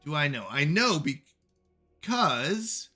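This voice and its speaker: Lively bright-voiced male game streamer. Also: fairly high pitch, extremely slow, faint music behind. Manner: jokey self-talk, scolding chat and himself. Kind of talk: live game commentary.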